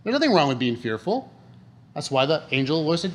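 A man preaching to a congregation, his voice sitting a little high and swinging widely up and down. He keeps it conversational, tossing questions out to the room and answering them himself. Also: very animated, quick pace. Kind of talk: sermon. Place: church hall.

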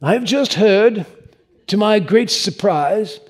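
A man doing an elderly English pastor with a put-on English accent, speaking in a raised voice, slow and deliberate. The tone is measured and serene, as if dictating a letter. The delivery stays unhurried, clearly a voice put on over the speaker's own. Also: high-pitched, expressive, a little mellow, pitched above the performer's own voice, full character voice.

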